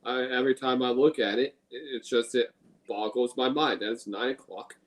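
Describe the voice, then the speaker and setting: A man's voice: medium pitch, fairly even intonation, normal speed, poor audio. Enthusiastic profane beer-tasting man. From Illinois. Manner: enthusiastic, profane, repeats himself. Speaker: beer review host. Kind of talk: casual beer tasting chat.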